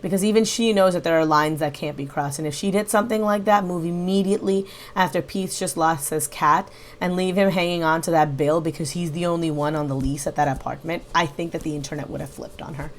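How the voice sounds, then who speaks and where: Critical woman commentator, lowish voice. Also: steady tone, a little fast, a little hiss or hum. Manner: analytical and critical, argues point by point. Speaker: reaction channel host. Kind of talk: reaction commentary.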